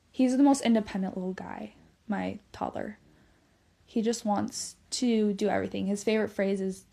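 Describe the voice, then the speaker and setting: A woman's voice: medium pitch, gravelly, warm tone. A young woman hosting a podcast, telling family stories in a chatty way, laughing often and saying "like" a lot. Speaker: podcast host. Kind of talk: casual storytelling monologue.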